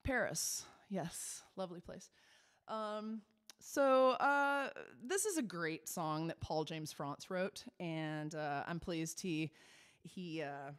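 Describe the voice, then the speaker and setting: A woman cabaret performer telling a chatty, animated story on stage. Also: lowish voice, clear, resonant tone. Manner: chatty, animated, quick asides.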